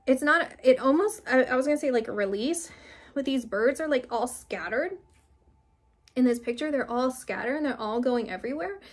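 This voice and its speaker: A young woman giving a casual spiritual card reading, rambling with many fillers and restarts, gently reassuring. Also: a little high. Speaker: tarot reader.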